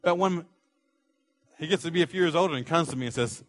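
Animated preaching man, higher voice. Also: fast talker. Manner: animated preaching, acts out quotes with rising volume; repetitive, rhythmic phrasing. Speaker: pastor. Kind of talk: sermon.

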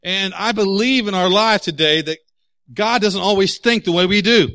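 Bright-voiced, emphatic male pastor preaching. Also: high-pitched, moderate pace, no echo. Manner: candid, storytelling, emphatic. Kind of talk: sermon.

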